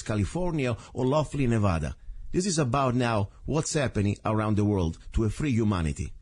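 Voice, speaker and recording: A man's voice: mid-range voice, darkish tone, breathy edge. A man from Italy with an Italian accent, hosting a talk radio show in an earnest, rambling way with frequent self-corrections. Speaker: radio host.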